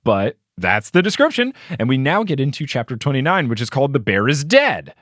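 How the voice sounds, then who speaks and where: A young adult man hosting a casual podcast, recapping a book with animated quote readings and frequent laughter. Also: a little fast, dry recording, studio quality. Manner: reads quotes aloud with big pitch jumps, laughs often. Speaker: podcast host.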